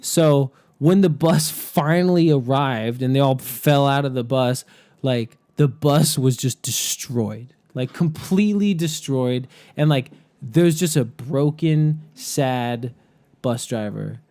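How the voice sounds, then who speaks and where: A man telling a story in casual chat. He is animated, laughs often and says "like" all the time. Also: mid-range voice, takes it slowly. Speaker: podcast guest storyteller.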